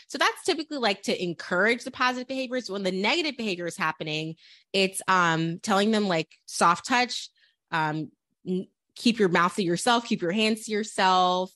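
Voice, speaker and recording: A young adult woman, a mother co-hosting a parenting podcast, talking in an animated storytelling way with many quick asides. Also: medium pitch, dry recording, clean studio sound. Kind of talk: casual chat.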